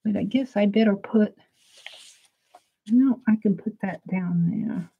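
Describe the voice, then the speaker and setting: A woman's voice: mid-range voice, slow, breathy edge, muffled recording. A middle-aged woman from the American Midwest chatting casually and rambling as she works on an art livestream. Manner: chatty, rambling, laughs often while working. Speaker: art streamer. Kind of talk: casual crafting livestream chat.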